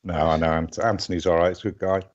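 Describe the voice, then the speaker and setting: A man's voice: deep voice, steady tone, fast talker, over a noisy crowd. A man in his fifties from Liverpool with a Liverpool accent, a guest chatting casually on a live stream, rambling and often restarting his sentences. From Liverpool, England. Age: 50s. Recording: dull lo-fi call audio.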